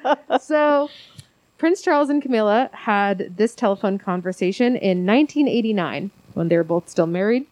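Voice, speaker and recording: A woman's voice: mid-range voice, expressive, normal speed, darkish tone, no room sound. A woman podcast co-host reading a story aloud in a casual chat. She swears casually. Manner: swears casually, laughs a lot.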